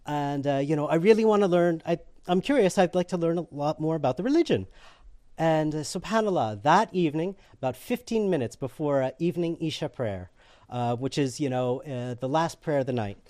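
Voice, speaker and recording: A man's voice: on the high side, fairly quick. A man telling his conversion story casually, acting out the people he quotes and laughing as he goes. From eastern United States. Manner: animated, acts out quoted voices, laughs often.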